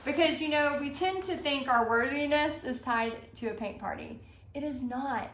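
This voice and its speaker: A woman's voice: high-pitched, lively intonation, normal speed, a bit bright. A woman, hosting a live-streamed motivational talk for a paint party business, earnest and fired up, talking with lots of "you know" and "like". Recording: echoey room with faint background hum.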